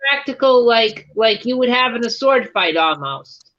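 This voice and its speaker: A man in casual chat on a livestream, relaxed and full of fillers. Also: extremely high pitch, moderate pace, lo-fi sound. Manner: relaxed, hesitant, filler-heavy.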